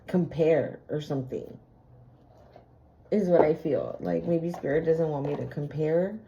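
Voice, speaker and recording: A woman reads tarot in a loose, chatty way, swearing freely and laughing between her points. Her voice is mellow and warm. She talks to her viewers like old friends. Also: medium pitch, slight background noise. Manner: chatty and profane, laughs often. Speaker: tarot card reader. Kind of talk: casual spiritual reading.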